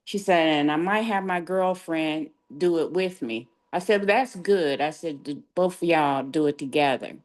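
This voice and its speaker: A woman's voice: low-pitched, normal speed, hardly any pauses. A grandmother telling a chatty personal story on a video call, laughing now and then. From California. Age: older. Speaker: caller sharing a testimonial. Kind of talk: casual storytelling.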